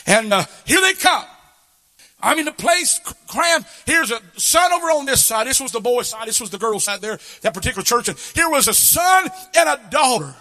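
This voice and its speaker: A man from Kentucky with a Kentucky Southern accent, preaching a revival sermon that swells into shouted, chanting passages. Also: very high-pitched, sing-song, normal speed, in a large hall.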